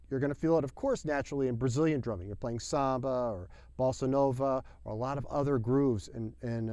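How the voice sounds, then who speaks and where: A man with a fairly high voice leads a drum lesson in an upbeat, folksy manner. He leans hard on key phrases and sometimes sings out drum syllables. The sound is dry and close. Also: warm tone, no echo. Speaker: drum teacher. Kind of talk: video lesson.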